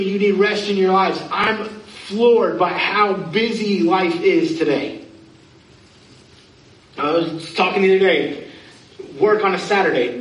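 Male pastor, high voice, conversational sermon, echoey church from far off. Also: fairly bright tone, slight background noise. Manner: conversational preaching with questions to the congregation. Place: church sanctuary.

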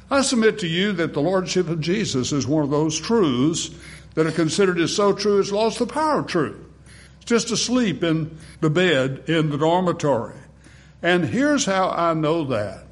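A man preaching a sermon in a dramatic, rhetorical manner, swinging between booming emphasis and hushed, quiet phrases. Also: expressive, moderate pace. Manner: rhetorical, acts out congregation replies. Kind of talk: sermon with opening prayer.

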